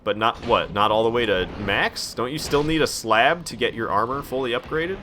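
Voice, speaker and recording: A man's voice: medium pitch, lively intonation, moderate pace, bright, forceful tone, slight background noise. A young man streaming a video game at home, rambling casually and reading chat messages aloud.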